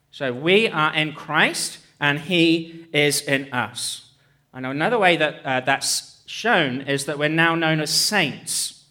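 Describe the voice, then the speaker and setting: A man's voice: on the high side, sharp tone. A man preaching a sermon as pastor, joking conversationally on a hands-free mic in a church. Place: church hall. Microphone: hands-free headset mic.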